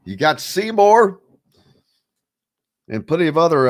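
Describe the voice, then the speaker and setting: A man's voice: fairly high pitch, big pitch swings, normal speed, no echo, studio quality. A man hosting a casual sports talk radio show, rambling loosely with plenty of fillers and reading listener comments aloud.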